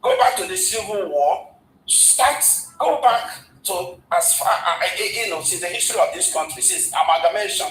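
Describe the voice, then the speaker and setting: A man's voice: high voice, animated, normal speed, fairly bright tone, roomy sound, soft background music, low-quality recording. A man, a guest in a casual discussion, who stumbles and repeats words as he retells history at length. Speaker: guest commentator.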